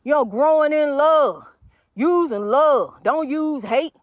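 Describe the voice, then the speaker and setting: A woman's voice: high-pitched, expressive, slow pace, dry recording, studio quality. An older woman minister preaching fervently, repeating herself and calling her listeners honey. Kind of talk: inspirational preaching monologue.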